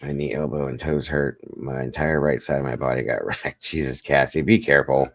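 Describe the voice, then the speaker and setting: A man's voice: a bass voice, fairly quick, creaky, dry recording. A man hosting a casual livestream, chatty and rambling, greeting and thanking viewers by name. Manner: relaxed, rambling, reads chat aloud. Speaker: livestream host.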